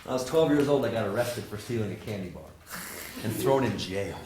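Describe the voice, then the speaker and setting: A man, a professor, giving a lively motivational talk to students, joking and asking the audience questions. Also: lowish voice, brisk, a little hiss or hum. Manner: animated, jokey, asks the audience questions. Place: lecture hall with audience. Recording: roomy hall sound.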